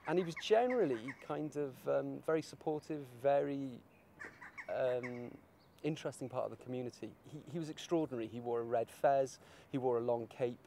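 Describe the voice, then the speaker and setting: A man's voice: medium pitch, fairly quick, dark tone, slight background noise. A man artist talking in a casual interview, rambling and searching for his words.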